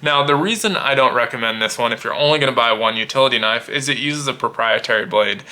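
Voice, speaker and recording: A man casually demonstrating and reviewing gear, explaining in a relaxed way and thinking aloud with small restarts. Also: medium pitch, quick pace.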